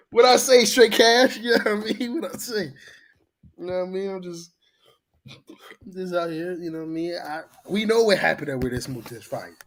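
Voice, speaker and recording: A man's voice: sits high, normal speed, pauses often, fairly bright tone. A man with a cold, bantering and laughing with friends, often saying "you know what I mean". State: sick. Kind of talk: casual banter.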